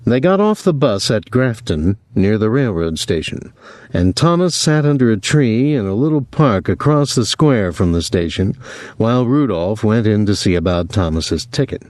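Low-voiced man reading an audiobook. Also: no room sound, clean studio sound. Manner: measured, steady reading. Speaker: audiobook narrator. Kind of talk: scripted narration.

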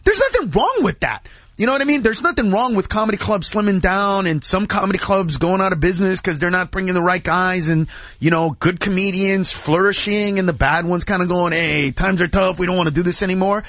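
A man in casual radio studio chat, telling animated stories and acting out the people in them. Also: high-pitched, a little fast, no echo. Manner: animated storyteller, acts out quoted voices.

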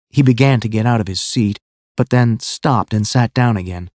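A man narrating a graded-reader audiobook in a clear, measured way. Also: mid-range voice, a little mellow, no echo.

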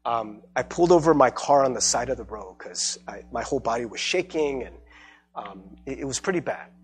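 A man's voice: mid-range voice, lively intonation. A young adult man, a pastor, giving a conversational sermon testimony with many fillers and restarts. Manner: conversational, halting with many fillers and repeated words.

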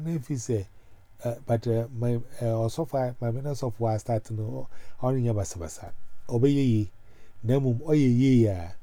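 A man with a Ghanaian accent in a rambling, animated casual chat. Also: mid-range voice, dry recording. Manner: rambling, animated, full of fillers. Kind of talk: casual chat mixing pidgin and Twi.

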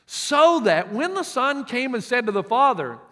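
A man's voice: extremely high pitch, sing-song, unhurried, a bit bright. A male pastor with a Southern US accent preaching a sermon, telling stories emphatically and often restarting his words. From United States. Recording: long reverb of a large hall.

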